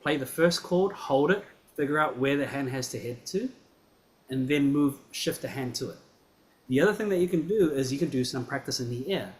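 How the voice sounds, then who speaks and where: A male piano teacher with an even, mid-range voice, giving patient feedback after a student's performance. He talks in a friendly, encouraging way and keeps checking that the student follows him. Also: medium pitch, normal speed. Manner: encouraging, checks understanding with "right?" and "yeah?".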